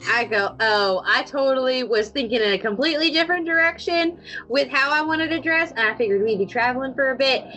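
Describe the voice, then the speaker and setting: A woman playing a tabletop game, talking in an excitable, giggly way. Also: high-pitched, a little fast, soft background music, poor audio. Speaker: player. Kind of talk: casual tabletop play.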